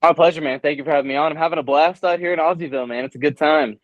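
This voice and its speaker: An energetic young man chats as an interview guest, slangy and hyped up. His voice sits on the higher side. The audio comes through dull and dry, like a remote call. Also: very fast, no echo. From United States. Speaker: guest, baseball prospect. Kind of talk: casual interview chat.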